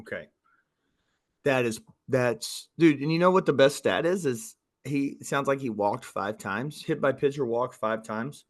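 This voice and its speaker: A man co-hosting a casual podcast as a youth baseball coach, telling animated stories about his players. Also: mid-range voice, unhurried, no echo. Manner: animated storytelling, quoting players.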